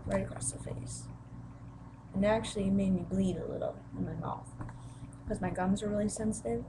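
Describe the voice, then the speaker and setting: A woman's voice: mid-range voice, fairly even intonation, normal speed, long pauses, dark tone, slight background noise, rough recording. A young woman vlogging, retelling a family conflict with emotion and acting out the quoted voices. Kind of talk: personal storytelling vlog.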